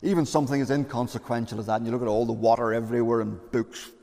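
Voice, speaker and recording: A man's voice: mid-range voice, steady tone, very fast, warm tone. Earnest male preacher in reverberant church. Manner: earnest, conversational preaching with fillers. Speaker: pastor. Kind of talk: sermon.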